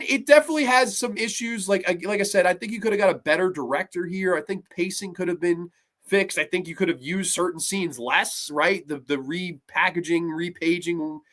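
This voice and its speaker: Profane, animated male film reviewer. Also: high-pitched, moderate pace. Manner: profane, animated, mocks scenes in put-on voices. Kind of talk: casual solo film review.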